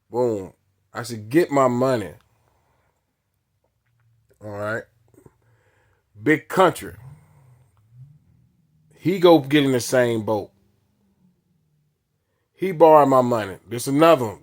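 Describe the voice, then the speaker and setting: A man in a medium-pitched voice tells a story in casual talk. His phrasing is blunt and punchy, and he repeats lines for emphasis. He acts out the dialogue as he goes. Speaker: storyteller recounting his past.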